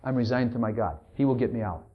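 A man preaching a sermon and reading scripture in old King James wording, fervent, swinging between loud declarations and hushed lines. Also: mid-range voice, fast, dull audio.

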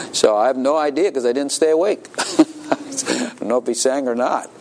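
A man's voice: mid-range voice, normal speed, vocal fry, a little hiss or hum. A man preaching a sermon as pastor, laughing often and calling out to his congregation for answers. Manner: animated, laughing, calls for congregation responses. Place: church.

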